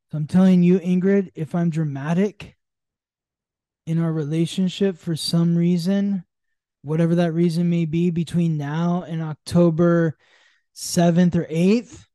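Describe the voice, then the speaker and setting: A man with a mellow, warm voice, recorded dry and close. He explains astrology in a loose, chatty way, full of fillers and restarts. Now and then he acts out quoted lines with sudden jumps in pitch. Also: no echo. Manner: rambling, many fillers and restarts. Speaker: astrology podcast co-host. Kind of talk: casual conversational explanation.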